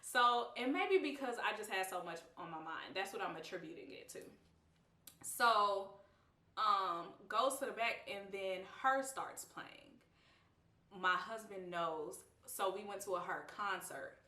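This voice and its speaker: A woman's voice: medium pitch, unhurried. A young woman vlogger telling a casual storytime, blunt and slangy, laughing often and acting out what people said. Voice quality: animated, expressive, lively quoting of others. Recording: roomy, slightly distant mic.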